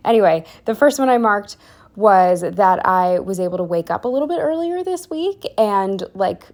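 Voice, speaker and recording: A woman's voice: medium pitch, animated, moderate pace, a little mellow. Rambling young woman doing a casual voiceover. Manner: rambling, self-deprecating, many fillers and restarts; drops to a whisper for asides. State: a bit out of breath. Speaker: planner vlogger.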